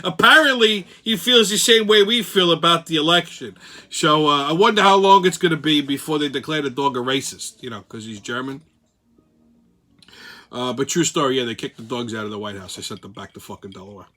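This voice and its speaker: A man's voice: a little high, a little fast, bright, forceful tone. A man putting on a Brooklyn accent as a mocking, profane showman conductor. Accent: put-on Brooklyn. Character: loud Brooklyn male train conductor-host.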